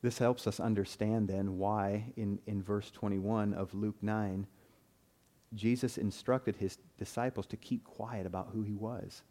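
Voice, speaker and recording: Earnest male preacher, warm low-key tone. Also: steady tone, unhurried. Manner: earnest, repeats words when starting phrases. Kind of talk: sermon.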